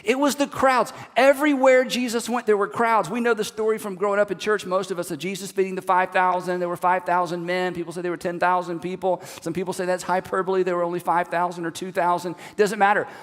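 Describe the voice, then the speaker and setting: A man preaching a sermon as a pastor, telling the story in an animated way with emphatic repetition. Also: sits high, quick pace, hardly any pauses, long reverb tail.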